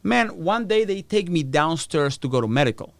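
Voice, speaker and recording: A man's voice: a little high, expressive, moderate pace, no room sound. A middle-aged man, a podcast guest, telling a story in a casual, profane way, acting out the voices of people he quotes. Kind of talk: storytelling interview.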